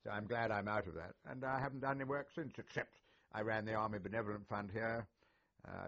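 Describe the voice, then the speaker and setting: A man's voice: lowish voice, gravelly, fairly bright tone. An older man, a retired army officer reminiscing in an oral history interview, chatty and genial with many filler sounds. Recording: dull lo-fi recording.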